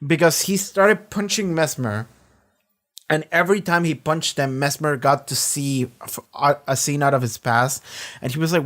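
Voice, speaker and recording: A man's voice: on the high side, moderate pace, fairly bright tone. A man hosting a reaction video, retelling scenes in a loose, profane way full of fillers. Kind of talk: casual reaction commentary.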